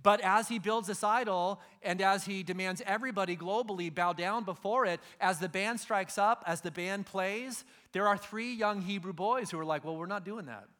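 A man in middle age delivers a sermon in a relaxed, storytelling way. His voice sits high and sounds bright and forward. He slips into slangy voices for the people in the story. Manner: casual storytelling, acts out biblical figures in slang. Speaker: pastor.

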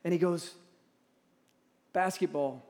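A man in his forties preaching a sermon in a church, talking in a halting, conversational way with repeated words and drawing the audience to respond. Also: a little high, mellow. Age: 40s. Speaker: pastor. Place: large church hall. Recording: long reverb in a large hall.

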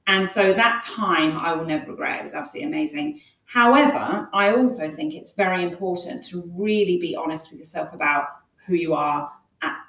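A woman's voice: lowish voice, fairly quick, fairly bright tone. A woman guest in a casual interview, telling stories in a chatty way with many fillers. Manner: chatty, storytelling, frequent fillers. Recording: echoey room, distant from mic.

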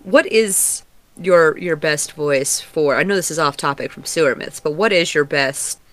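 Playful bright-voiced woman podcaster. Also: low voice, moderate pace. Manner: playful, jokey, rambling. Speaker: podcast co-host. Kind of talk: casual podcast chat.

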